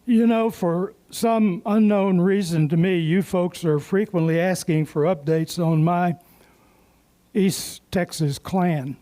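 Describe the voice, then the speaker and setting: A man hosts a club meeting, spinning folksy jokes and stories in a relaxed raconteur's manner. His voice is fairly high for a man but warm and mellow. He speaks slowly and takes his time. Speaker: meeting emcee.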